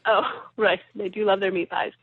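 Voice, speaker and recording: A woman's voice: medium pitch, level tone, normal speed, slightly rough, dry recording. A young woman, a guest voice actress, chatting casually in an interview with lots of "like" and "you know". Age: young adult. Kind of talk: casual interview over the phone. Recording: tinny phone line.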